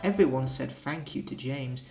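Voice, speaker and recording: A man narrating a children's railway storybook with gentle, expressive storytelling. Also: mid-range voice, moderate pace, soft background music, poor audio.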